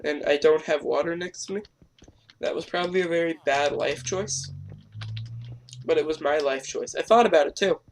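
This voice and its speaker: A man's voice: on the high side, normal speed, pauses often, slight background noise. A teenage boy commenting on his own gameplay, rambling and self-deprecating, stuttering often, his throat strained. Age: teens. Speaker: gamer.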